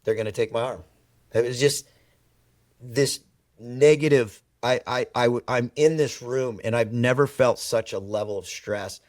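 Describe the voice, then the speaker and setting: Man, podcast guest, animated storytelling, emphatic repetition, mid pitch, dry close sound. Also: a little slow, no room sound. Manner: animated storyteller who acts out quoted dialogue; emphatic, repeats words for effect. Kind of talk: personal storytelling in conversation.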